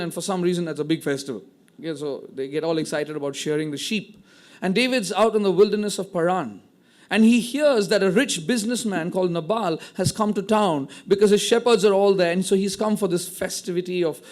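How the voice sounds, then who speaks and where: A man preaching a sermon, retelling a story with animated acted-out quotes and frequent word restarts. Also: sits high, a little fast. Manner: repeats words when restarting. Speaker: pastor.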